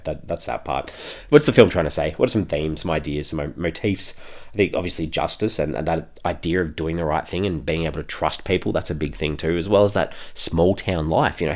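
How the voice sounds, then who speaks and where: A tired man hosting a film review podcast in a casual, rambling way, chuckling often between thoughts. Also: deep voice. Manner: rambling, chuckles often, many fillers and restarts.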